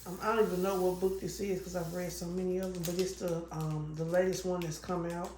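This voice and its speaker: A woman's voice: lowish voice, level tone, fairly quick, darkish tone. A woman chatting casually, rambling with frequent ums and restarts, coughing now and then. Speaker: vlogger. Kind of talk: casual chat while crafting. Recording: roomy room with faint noise.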